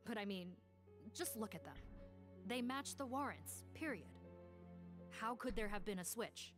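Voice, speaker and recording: An actress playing a brisk, skeptical woman officer who speaks in a matter-of-fact way, from a video game. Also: medium pitch, lively intonation, over music, close to an everyday voice.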